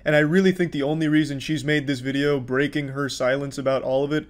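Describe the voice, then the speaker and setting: A man's voice: on the high side, steady tone, fast talker. A man giving profane, sarcastic commentary, exasperated as he mocks what he has watched. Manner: sarcastic, exasperated, swears freely. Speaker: commentary youtuber.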